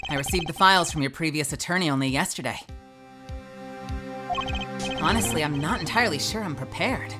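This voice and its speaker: A woman's voice: a little fast, pauses often, loud music behind the voice, close to an everyday voice. A woman doing a dry, wry male lawyer. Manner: slightly lowered, dry, deadpan. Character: seasoned male defense attorney, dry and wry. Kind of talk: playthrough voice acting.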